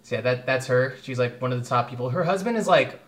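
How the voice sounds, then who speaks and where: A man's voice: medium pitch, animated, quick pace. A young man co-hosting a casual podcast, chatty and swearing freely, with lots of fillers. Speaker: podcast co-host. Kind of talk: casual chat.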